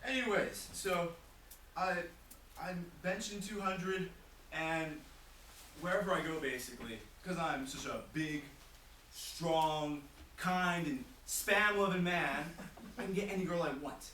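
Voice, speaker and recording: A man's voice: on the high side, a little slow, bright, forceful tone. A teenage boy doing a goofy, boastful comic monologue at a talent show, breaking into shrieking impressions. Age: teens. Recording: echoey room from far off, hissy noise.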